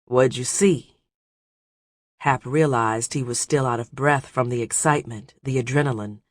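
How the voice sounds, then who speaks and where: A man narrating an adventure audiobook in a steady, measured storytelling voice. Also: medium pitch, dry recording. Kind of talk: scripted narration.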